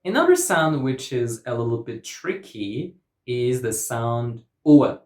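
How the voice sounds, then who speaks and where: Slow, lively-pitched man teaching pronunciation. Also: roomy sound. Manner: repeats words slowly, stressing syllables. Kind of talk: slow, deliberate pronunciation lesson.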